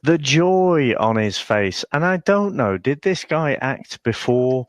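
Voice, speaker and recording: Male podcast co-host, lively intonation, dry booth sound, amused banter. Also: mid-range voice, slow, no echo. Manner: amused, joking, laughs between lines. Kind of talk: casual movie review chat.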